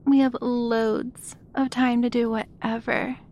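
A woman playing a flight attendant in an adult audio role-play, breathy, giggly and teasing as she fawns over the listener. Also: a little high, little pitch movement, slow, a little mellow.

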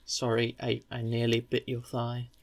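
A young man talks slowly to the listener in an intimate audio role-play, his voice gravelly and a little husky. He is playful and rambling, stumbling over his words and apologizing as he goes. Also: medium pitch, completely flat delivery.

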